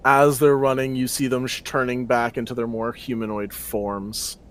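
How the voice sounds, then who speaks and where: A man's voice: medium pitch, normal speed. A man running a tabletop role-playing game as dungeon master, narrating the action and laughing as he describes it. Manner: animated, laughs while describing.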